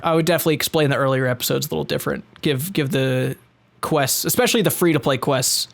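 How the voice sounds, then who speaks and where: A man who makes gaming videos, answering viewer questions in a relaxed, casual chat and swearing freely. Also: on the high side, fast talker, vocal fry.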